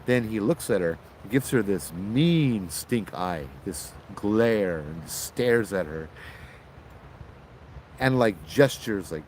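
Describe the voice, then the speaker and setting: Male ghost-story host, low-ish voice, loose casual telling, faint noise behind. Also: slow, poor audio. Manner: loose, animated, with repeated restarts and fillers.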